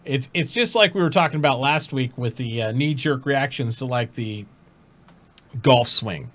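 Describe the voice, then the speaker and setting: A man hosting a casual gaming talk show, chatting in an animated way, swearing freely and acting out game radio calls. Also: mid-range voice, moderate pace. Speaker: podcast host.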